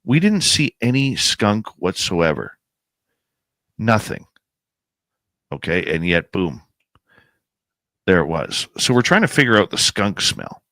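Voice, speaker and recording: A man telling a suspenseful outdoor experience as a guest on a podcast, animated and pausing to build suspense. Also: fairly low pitch, dry recording. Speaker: guest, paranormal researcher and radio host. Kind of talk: casual storytelling in a podcast interview.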